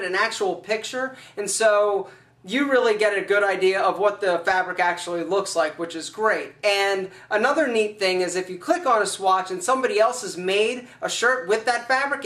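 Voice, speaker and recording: A man's voice: high voice, fairly bright tone, echoey room, far from the mic. A man telling a playful, theatrical story and presenting his own video, with big swings in his voice. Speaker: style vlogger. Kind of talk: playful comedic vlog pitch.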